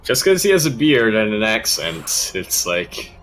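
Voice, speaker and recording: A man's voice: on the low side, big pitch swings, measured pace, a bit bright, faint music behind, low-quality recording. A man casting a live strategy game tournament with playful, jokey banter. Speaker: esports caster. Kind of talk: casual live game commentary.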